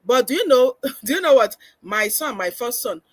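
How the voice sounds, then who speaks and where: A woman's voice: a little high, expressive, moderate pace, no room sound. A woman giving a parenting webinar lecture, earnest and instructive, often acting out how parents should talk with children. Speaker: parenting coach.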